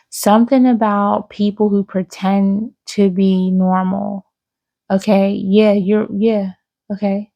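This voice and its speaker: A woman giving an intuitive spiritual reading to her viewers, speaking slowly and soothingly with frequent "okay?" check-ins. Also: medium pitch, a little mellow, no echo, highs cut off. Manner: slow, drawn-out, soothing, with many "okay?" asides. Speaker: psychic reader.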